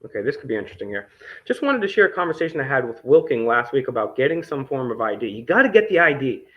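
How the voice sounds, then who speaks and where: His voice sits at a medium pitch, and he's very animated, racing through his words. Acting as an independent news host on his vlog, he reads documents aloud with sarcastic, indignant remarks and plenty of swearing, all captured on a dull lo-fi recording.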